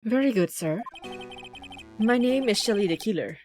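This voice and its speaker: A woman voicing a polite, calm male assassin from a courtroom game, attempting a British accent in a low, measured delivery. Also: soft background music, natural voice. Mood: coolly formal.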